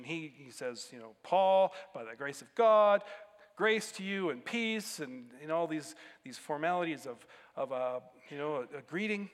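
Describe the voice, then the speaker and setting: A man's voice: a little high, fairly bright tone, in a large hall. A man pastor giving a conversational sermon, breaking into sudden emphatic bursts.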